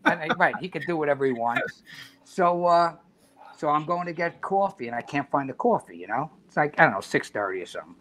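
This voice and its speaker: A middle-aged man, a podcast guest telling profane, animated stories in casual chat. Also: a little high, fairly quick. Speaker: podcast guest, retired fire chief.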